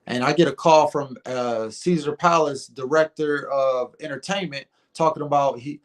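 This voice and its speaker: A middle-aged man telling a story in a casual interview, animated and acting out the dialogue, often repeating words. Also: fairly high pitch, normal speed. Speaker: guest comedian.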